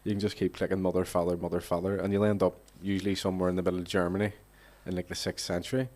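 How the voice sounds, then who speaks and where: A man's voice: deep voice, flat delivery, racing, a little mellow. A male poet chatting on a theatre stage, joking and hesitant, often restarting. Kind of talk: casual chat at a literary reading.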